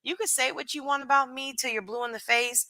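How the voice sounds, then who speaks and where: Brief: woman streamer, blunt and salty, bright smooth voice, dry close sound. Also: high voice, a little fast, no echo. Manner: blunt, profane, animated, greeting chat by name. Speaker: live streamer. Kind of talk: casual livestream chat.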